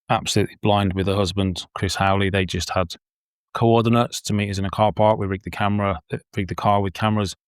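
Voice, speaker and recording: A man's voice: low voice, clear, resonant tone, no room sound, clean studio sound. A man, a filmmaker and paranormal investigator, chatting as an interview guest, rambling with many ums and repeated words. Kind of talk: casual interview chat.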